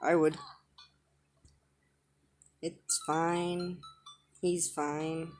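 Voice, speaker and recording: A woman's voice: deep voice, little pitch movement, very slow, darkish tone, soft background music. A woman voicing an evasive teenage girl who gives short, dismissive replies to her father. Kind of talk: reading a dating-sim script aloud.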